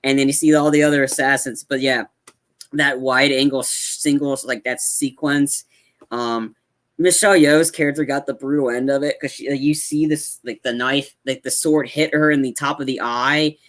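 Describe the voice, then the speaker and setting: A man's voice: medium pitch, fairly even intonation, a bit bright. Easygoing man, lots of "like"s. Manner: halting, agreeable, lots of "like" and "yeah". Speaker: movie reviewer co-host. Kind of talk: casual podcast film review.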